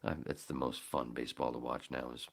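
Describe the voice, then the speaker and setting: A man hosting a podcast, telling a story casually with lots of swearing and acting out his own shouting. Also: a bass voice, a little fast, gravelly. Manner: profane, animated, acts out his own shouting. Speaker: podcast host.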